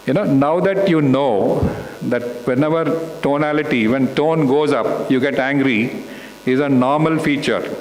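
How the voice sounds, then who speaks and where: Man lecturing students in an echoey hall. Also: fairly high pitch. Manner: asks the audience questions again and again. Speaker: guest speaker at a school talk. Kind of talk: interactive talk to students. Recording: echoey hall with faint hum.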